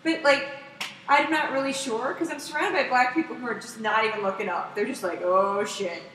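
Excitable, foul-mouthed woman raconteur, bright and high, recorded far off in a roomy hall with faint hiss. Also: brisk. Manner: profane, excitable, acts out quotes loudly. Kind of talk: animated casual storytelling. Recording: echoey room, distant mic, faint noise.

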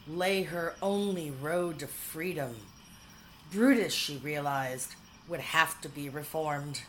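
A woman narrating a whimsical storybook in a measured, dryly humorous way. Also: low voice, fairly bright tone, slight background noise, rough recording.

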